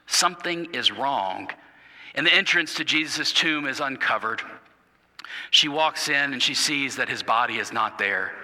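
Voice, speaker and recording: Pastor, male, bright ringing voice, tells the story with dramatic hushes and stumbles, recorded in a big echoing sanctuary. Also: medium pitch, expressive, measured pace. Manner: stumbles and repeats words. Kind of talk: sermon. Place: church sanctuary. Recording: reverberant church hall.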